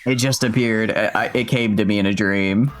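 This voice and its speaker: A man's voice: fairly low pitch, fairly even intonation, moderate pace, soft background music. A young man casually chatting with viewers while streaming a game, rambling and laughing often. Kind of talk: casual gameplay livestream chat.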